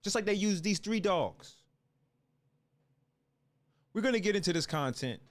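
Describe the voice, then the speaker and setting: Heated male commentator, lively high delivery, fiery rant. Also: a little slow. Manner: fiery, restarts and repeats words. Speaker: political commentator. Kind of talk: heated ranting monologue.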